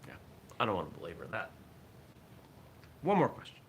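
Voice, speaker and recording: His voice sits low, swings hugely in pitch, and moves at a brisk clip. As host of a martial arts morning show, he talks reflectively and thinks aloud on a casual morning livestream, over slight background noise.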